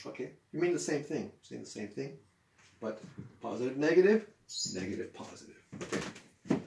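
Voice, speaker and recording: A man's voice: mid-range voice, lively intonation, moderate pace, vocal fry, long pauses, a little mellow. A man teaching an English grammar lesson at a whiteboard, acting out example sentences with swooping intonation. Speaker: ESL teacher. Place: room with a whiteboard. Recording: echoey room with faint noise.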